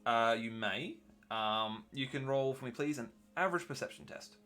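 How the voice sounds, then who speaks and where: A man's voice: mid-range voice, moderate pace, fairly bright tone, soft background music. A man narrating as game master of a tabletop game, hesitant and full of ums. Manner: hesitant, lots of ums and "sort of".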